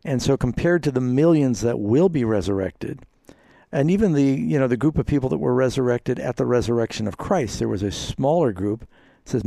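A man's voice: mid-range voice, expressive, a little fast, creaky, mellow, no echo, studio quality. A man hosting a radio call-in program as a pastor, explaining Bible passages to callers in an easygoing way.

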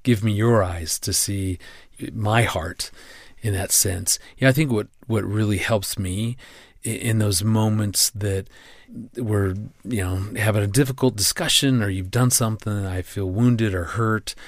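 A man's voice: lowish voice, moderate pace, dry recording, clean studio sound. Encouraging man co-hosting a podcast. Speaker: podcast co-host. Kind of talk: casual married-couple podcast chat.

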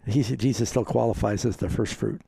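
Man, pastor, radio host, gravelly, dark tone, dry close sound, easygoing explaining. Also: on the low side, steady tone, normal speed, dry recording. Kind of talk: call-in Bible answers.

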